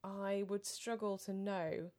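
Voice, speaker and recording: A woman co-hosting a studio podcast in casual chat, thoughtful and rambling, often trailing off softly. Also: medium pitch, fairly even intonation, slow. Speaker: podcast co-host. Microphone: studio microphone.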